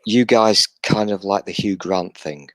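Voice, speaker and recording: Very low-voiced British man, dry sound. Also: measured pace, fairly bright tone, dry recording. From Britain. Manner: self-deprecating, joking banter. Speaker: podcast host. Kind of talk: casual live-stream chat.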